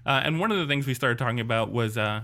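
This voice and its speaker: Podcast host, male, bright voice, mid pitch, halting casual delivery. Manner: halting, full of uhs. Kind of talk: casual chat.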